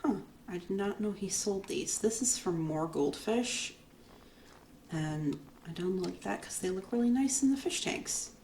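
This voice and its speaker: A woman's voice: medium pitch, lively intonation, unhurried, darkish tone, slight background noise. A woman hosting a let's play, chatting casually and explaining as she plays. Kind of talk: casual gameplay commentary. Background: game music.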